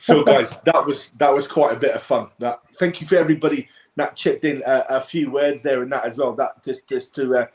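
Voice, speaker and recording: A man's voice: mid-range voice, fairly even intonation, brisk, hardly any pauses. A man hosting a casual chat, rambling with many restarts. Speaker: host. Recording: echoey room.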